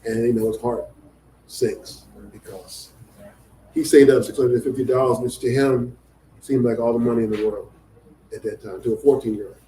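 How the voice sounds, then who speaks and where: A man's voice: medium pitch, steady tone, normal speed, dark tone. A man, an author at a book event, telling a story and acting out the dialogue of the people in it. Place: event venue. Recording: echoey room, faint noise.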